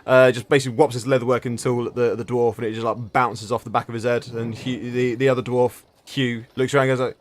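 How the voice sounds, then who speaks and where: A man's voice: medium pitch, level tone, fast talker, few pauses. A man narrating a tabletop game as game master, rambling with many restarts.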